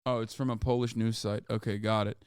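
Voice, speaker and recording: A man's voice: on the low side, little pitch movement, brisk, smooth, no echo, studio quality. A man streaming live, reading news aloud and reacting with profane, exasperated rants.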